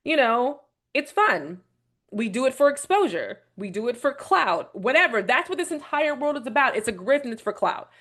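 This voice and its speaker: Blunt, opinionated woman vlogger. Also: on the high side. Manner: blunt, opinionated, swears freely; rambling with restarts, animated retelling. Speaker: vlog host reviewing a documentary. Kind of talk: casual video commentary.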